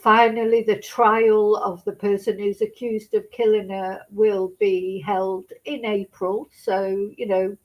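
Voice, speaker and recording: A woman's voice: mid-range voice, little pitch movement, takes it slowly, hardly any pauses, a little mellow, poor audio. A middle-aged woman chatting on a live stream, tearful and upset, swearing and laughing nervously between sentences. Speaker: true crime streamer. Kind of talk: casual live-stream chat.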